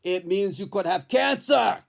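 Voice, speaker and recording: A man's voice: high-pitched, expressive, a little slow, vocal fry, pitched above the performer's own voice, heavily acted. A man doing a grave, blunt giant doctor. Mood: solemn. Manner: solemn and blunt. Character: grave giant foreign male urologist.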